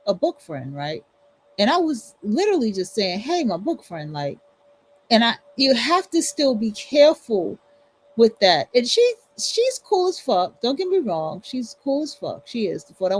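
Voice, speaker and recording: On a low-quality recording, a woman with a slightly high voice hosts a livestream. Her casual commentary is a blunt, profane rant full of emphatic repetition.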